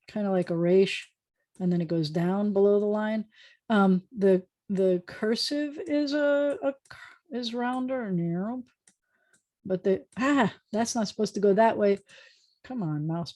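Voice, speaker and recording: A woman's voice: medium pitch, mellow. A woman rabbi teaching a beginners' Hebrew class over a video call, chatty and often correcting herself as she draws the letters. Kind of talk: online class lesson.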